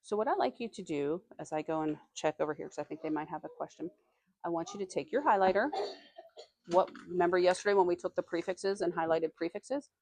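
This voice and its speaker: A woman teacher leads a reading lesson in her classroom, reading aloud at a slow, deliberate pace and pausing to question her students. Her voice sits fairly low and sounds close and dry, with little room sound. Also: a little mellow, no room sound. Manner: reads aloud slowly, quizzes students.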